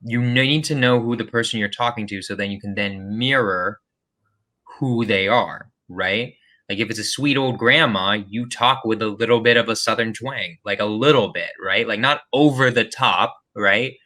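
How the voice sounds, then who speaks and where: A young man hosting a podcast interview, upbeat and energetic, often tagging his points with "right?". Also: lowish voice, moderate pace. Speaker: podcast host. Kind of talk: casual interview chat.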